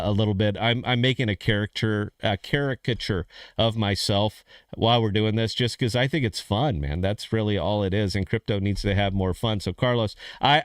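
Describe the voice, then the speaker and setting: A man's voice: medium pitch, a bit bright, clear, resonant tone, no room sound, studio quality. A man hosting a casual live stream from in front of a green screen, rambling and repeating himself, calling people "dude" and "man". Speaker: podcast host.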